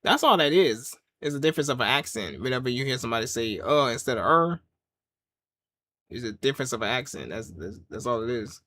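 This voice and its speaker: A man's voice: mid-range voice, lively intonation, fast, few pauses, bright, forceful tone. A man giving a casual watch-along review of a wrestling show, rambling through jokes and rants and laughing often. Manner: loose, joking rants with frequent laughs.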